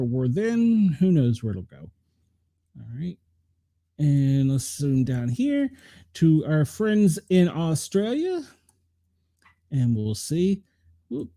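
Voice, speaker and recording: A man's voice: sits high, mellow, dry recording, studio quality. A middle-aged man, rambling casually through a weather rundown and talking to viewers by name. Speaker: show host reading the weather.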